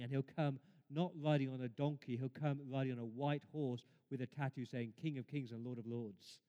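A man preaching a sermon in a church, emphatic, rising to loud exclamations and dropping to quiet asides. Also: mid-range voice, lo-fi sound. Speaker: pastor. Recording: long reverb of a church hall.

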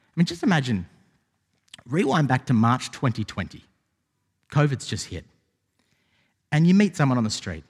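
A man preaching a sermon as pastor, animated and rising to emphatic exclamations. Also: mid-range voice, moderate pace, pauses often, husky. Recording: long hall reverb.

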